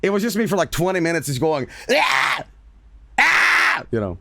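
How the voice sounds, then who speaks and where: Very fast and very animated, a slightly high male voice comes through a very noisy recording. The speaker, a streamer and voice actor in casual livestream chat, is emphatic, repetitive and freely profane.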